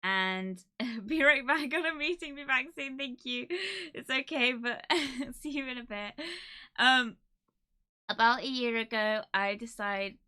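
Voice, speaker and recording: A woman streamer from the UK chatting casually to her live audience, emotional and laughing, with many pauses and fillers. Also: fairly high pitch, sharp tone, clear, resonant tone. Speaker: streamer hosting an anniversary stream.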